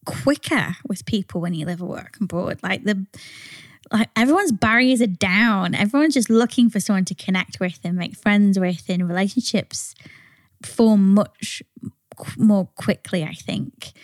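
A woman's voice: mid-range voice, a little slow, dry recording. A woman from England co-hosting a podcast, talking reflectively and earnestly, with casual swearing. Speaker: podcast co-host. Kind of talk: casual chat.

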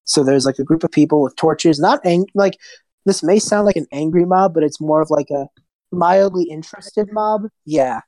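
A man's voice: on the high side, moderate pace, a little mellow, dry recording. A man runs a tabletop game as game master, with a mid-range voice. His narration is loose and chatty, full of asides. The sound is dry and close, with no room around it.

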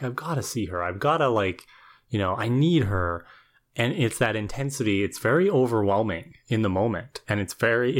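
A man's voice: on the low side, fairly bright tone. A man co-hosting a casual podcast, analysing a TV episode in a thoughtful, explanatory way, often checking in with "right?". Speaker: podcast co-host.

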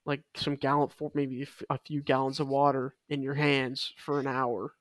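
A man's voice: medium pitch, flat delivery, normal speed, a bit bright, no echo, studio quality. A man co-hosting a casual fitness podcast, talking with emphasis and repeating his key points. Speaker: podcast co-host.

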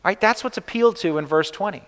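A man's voice: high voice, quick pace, long reverb tail. A male pastor giving a sermon in a conversational style, often checking in with "right?" as he explains scripture. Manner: conversational preaching with frequent "right?" asides.

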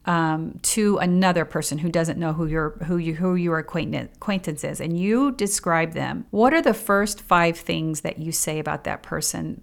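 A woman hosting a solo podcast on personal growth from a home studio in a basement spare bedroom, speaking reflectively and asking the listener questions. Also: on the low side. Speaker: podcast host.

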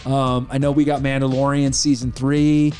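A man's voice: medium pitch, normal speed, faint music behind. A man co-hosting a podcast, chatting casually about TV shows and actors and slipping into exaggerated impressions. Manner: animated, jumps into exaggerated impressions. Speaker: podcast co-host. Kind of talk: casual chat.

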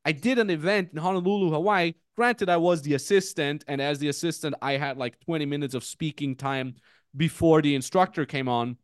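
Clear-voiced casual podcast host, man. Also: a little high, brisk, no echo, clean studio sound. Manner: animated storytelling, heavy swearing.

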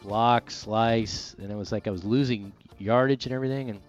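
A man, a sports radio host chatting casually and doing live reads in a rambling, animated way. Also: on the low side, moderate pace, highs cut off, soft background music.

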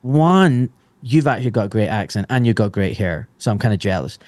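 Glasgow guy in his 40s, animated chatty guest, laughs a lot, voice jumps around. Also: lowish voice, a little fast, no echo. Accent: Scottish, Glasgow. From Scotland. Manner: animated, laughs often, swears mildly. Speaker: podcast guest, surgeon. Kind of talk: casual chat.

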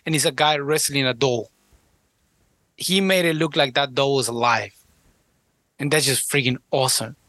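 A man's voice: medium pitch, normal speed, long pauses, no room sound. A man co-hosting a casual wrestling podcast, talking loosely and laughing, with some swearing. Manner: animated, laughing, loose profane talk. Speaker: podcast co-host. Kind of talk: casual chat, wrestling review.

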